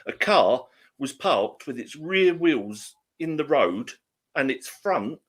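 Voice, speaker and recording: A man's voice: medium pitch, slow. A middle-aged man chatting casually as co-host, acting out both sides of his stories. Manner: animated storyteller, acts out both sides. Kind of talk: casual chat, anecdote.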